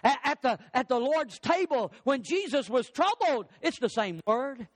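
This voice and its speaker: A man preaching a sermon as pastor, emphatic, climbing on questions and sinking low on key phrases. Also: lively intonation, unhurried, dry recording. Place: church.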